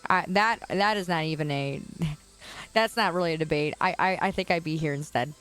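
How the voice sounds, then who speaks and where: A young woman from the Chicago area chatting casually with her viewers as she livestreams from a quiet suburban curb outdoors, laughing often and answering comments. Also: low-pitched, normal speed, smooth, faint music behind.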